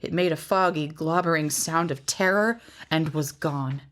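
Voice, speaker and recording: Low-voiced woman reading a novel aloud. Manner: measured, expressive storytelling. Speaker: reader.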